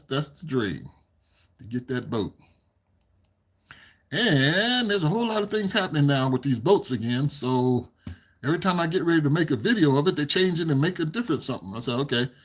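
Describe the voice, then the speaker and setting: A slow, unhurried man with a husky edge hosts a relaxed live stream, answering viewer comments as they come in. He rambles, repeats himself, and chuckles between thoughts, and his pitch moves around a lot. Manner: laughs often, chuckling asides while reading comments. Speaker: channel host reading live chat. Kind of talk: casual live-stream chat.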